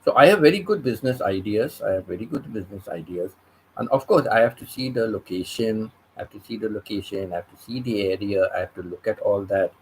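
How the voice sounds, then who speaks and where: A man's voice: fairly low pitch, fast talker, a little mellow, a little hiss or hum, low-quality recording. Emphatic man repeating himself. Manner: emphatic, repeats phrases for stress. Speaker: vlogger. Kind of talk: casual storytelling vlog.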